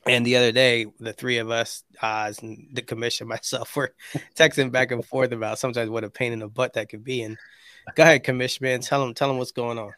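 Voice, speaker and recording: A man's voice: medium pitch, flat delivery, fairly quick, fairly bright tone, no room sound. A man hosting a casual live show over a video call, rambling and full of fillers. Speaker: podcast host.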